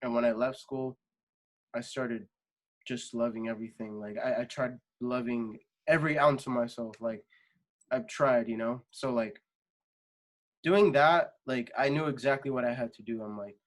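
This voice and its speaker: A young man in a relaxed interview, his voice sitting in an ordinary middle range. He rambles, leans on fillers and swears often, as if talking with a friend. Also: medium pitch, moderate pace. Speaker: podcast guest, singer. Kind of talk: casual interview chat.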